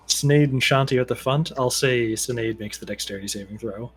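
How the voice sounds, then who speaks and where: A man's voice: medium pitch, fairly quick, slightly rough, soft background music. Laid-back man running a tabletop game. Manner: casual, rambling with many fillers. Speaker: game master.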